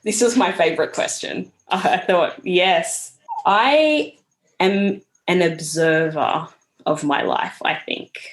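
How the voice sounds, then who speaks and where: A woman's voice: fairly low pitch, takes it slowly, slight background noise. A young adult woman, a podcast guest speaking in an earnest, reflective storytelling manner. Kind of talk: casual conversational interview.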